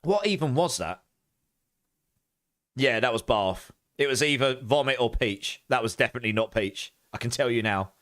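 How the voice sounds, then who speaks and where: A man streaming a game live, chatting with viewers in a casual, animated way and groaning through reactions. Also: medium pitch, normal speed.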